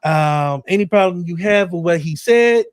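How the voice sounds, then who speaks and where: A man's voice: high-pitched, normal speed. A man hosting a podcast in casual chat, joking bluntly and swearing. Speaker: podcast host. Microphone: streaming setup, close mic.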